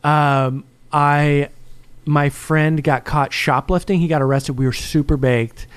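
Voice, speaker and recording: Chill guy on a podcast, kinda high voice, laughs a lot while he talks, swears. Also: steady tone, slow, smooth. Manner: laid-back storyteller, laughs often, swears. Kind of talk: casual podcast chat.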